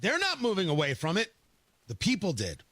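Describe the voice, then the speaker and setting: A man's voice: high-pitched, huge pitch swings, a little fast, a bit bright, no room sound. A male talk radio host delivering an opinionated, sarcastic monologue from a studio, mocking opponents in quoted voices. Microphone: studio microphone.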